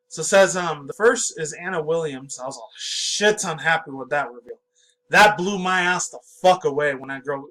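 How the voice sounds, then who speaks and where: A young man in his twenties reads a gaming news article aloud, tripping over words and drifting into loud, crude tangents. His voice sits a little high for a man. A faint hum runs under the recording. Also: poor audio. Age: 20s. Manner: profane, excitable, stumbles over words while reading. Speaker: pop culture vlogger. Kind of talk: reading an article aloud with rambling commentary.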